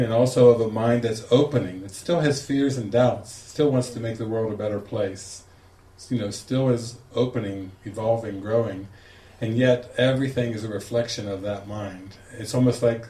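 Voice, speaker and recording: Male spiritual teacher, mid pitch, animated storyteller, roomy distant sound. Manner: animated, laughing storyteller acting out quotes. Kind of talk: storytelling talk to a group. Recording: echoey room, distant mic, faint noise.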